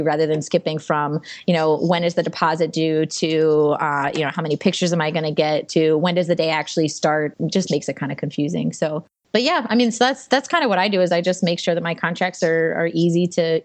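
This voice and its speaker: Woman, wedding photographer, casual interview talk, lowish voice, dry close sound. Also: no echo. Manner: chatty, frequent fillers and restarts, laughs easily. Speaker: wedding and portrait photographer, guest.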